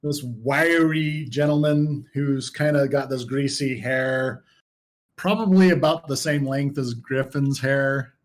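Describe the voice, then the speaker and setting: A man running a tabletop game as game master, narrating scenes and calling for checks in a casual, halting way. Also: medium pitch.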